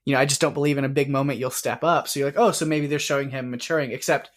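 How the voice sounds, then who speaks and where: A man in a casual podcast chat about a film, rambling along with plenty of "like"s and laughing now and then. His pitch sits mid-range for a man, and he speaks into a podcast mic. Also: fairly even intonation. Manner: rambling, many "like"s, quick laughs. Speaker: podcast co-host. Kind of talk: casual movie review chat.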